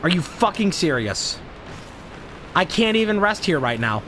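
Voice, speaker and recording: A man's voice: high voice, sing-song, measured pace, bright, forceful tone, a little hiss or hum. A man streaming a video game, ranting at enemies in a profane, exasperated way and sounding frustrated. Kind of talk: live gameplay commentary.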